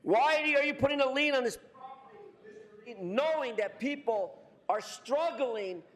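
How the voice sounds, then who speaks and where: A man giving a combative, profane public comment at a city council podium microphone, taunting and shouting at officials. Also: very high-pitched.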